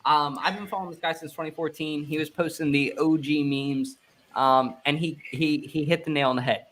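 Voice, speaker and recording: An excitable young man hosts a casual sports podcast in a bright, forceful voice. He jokes and hypes up his guests. His voice sits fairly high for a man. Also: normal speed, a little hiss or hum. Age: 20s. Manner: excitable, joking, hype-man energy. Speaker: podcast host.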